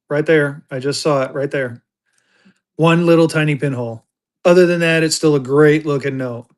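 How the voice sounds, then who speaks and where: A man selling banknotes on a live stream, chatting casually with fillers and thanking his buyers. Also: on the high side. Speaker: livestream seller. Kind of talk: casual live auction chat.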